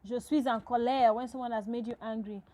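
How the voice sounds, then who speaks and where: A woman's voice: fairly high pitch, steady tone, brisk, dark tone, poor audio. A woman teaching a French lesson to absent students, talking patiently, repeating each phrase and checking in with "okay?".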